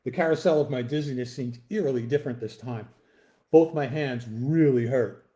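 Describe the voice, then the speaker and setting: A man reading from his own novel in the first person, at an easy, unhurried pace. His voice sits in an ordinary middle pitch, and his reading is relaxed and plain. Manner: relaxed, with fillers in the intro.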